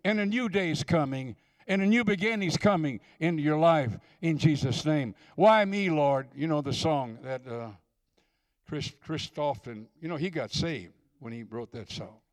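A man's voice: on the high side, normal speed. An older man preaching a sermon in church, folksy and earnest, repeating phrases for emphasis as he ministers to people. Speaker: visiting preacher.

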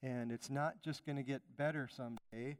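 Emphatic pastor from Chicago, reverberant hall. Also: male voice, medium pitch, fairly even intonation, moderate pace. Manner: emphatic, repeats phrases, chuckles. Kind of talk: conversational sermon.

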